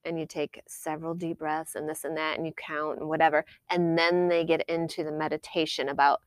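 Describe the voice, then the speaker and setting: A woman co-hosting a relaxed chat podcast, talking in a slightly low voice. She chats easily, giggles often and likes to joke. The sound is dry and close, with no room in it. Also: fairly quick, no room sound. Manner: chatty, giggly, joking. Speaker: podcast co-host. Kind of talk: casual chat.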